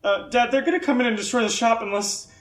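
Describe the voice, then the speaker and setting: A man's voice: very high voice, fast, fairly bright tone, pitched above the performer's own voice. A man voicing an anxious young male doctoral student mage who rambles and pleads, recorded in an echoey room from a distant mic with faint music.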